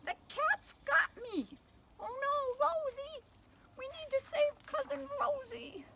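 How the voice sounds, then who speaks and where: A woman voicing frantic little storybook mice crying for help in shrill squeaks. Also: wildly swooping pitch, slow pace, heavy background noise, full character voice. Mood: panicked.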